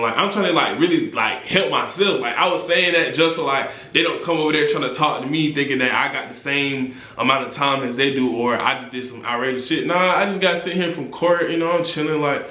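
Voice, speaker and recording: Animated young man telling a story, echoey room. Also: mid-range voice, brisk, hardly any pauses. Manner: animated slangy storytelling, rising when indignant. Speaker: vlogger. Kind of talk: casual storytime.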